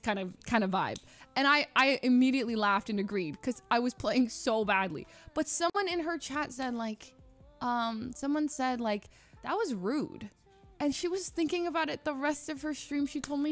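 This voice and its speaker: Chatty young woman streamer, slightly high voice. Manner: animated, rambling, laughs often, mimics voices. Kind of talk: casual chat to stream viewers.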